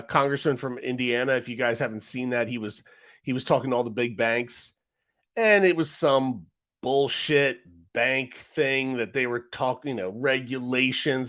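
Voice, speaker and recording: Hosting a casual livestream, a man with a medium-pitched, fairly bright voice talks straight to his chat. He sounds frustrated and rambles as he addresses viewers directly.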